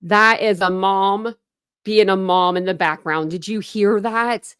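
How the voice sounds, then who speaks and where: A woman's voice: mid-range voice, steady tone, a little slow, a bit bright, soft background music. A woman hosting a true crime channel, chatting casually with viewers on a livestream, rambling with lots of "like" and answering comments as she goes. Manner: rambling, heavy use of "like".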